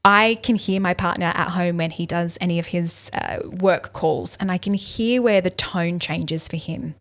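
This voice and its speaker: A woman's voice: fairly low pitch, normal speed, fairly bright tone. An Australian woman, a speaking coach, explaining vocal tips as a podcast guest and acting out examples in different tones. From Western Australia.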